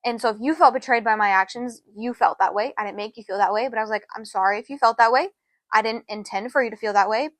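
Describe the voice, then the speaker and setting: She speaks fast, with no echo, as a young podcast co-host rambling through a lengthy personal story. Her delivery is casual and loaded with fillers such as "da, da, da" and "low-key."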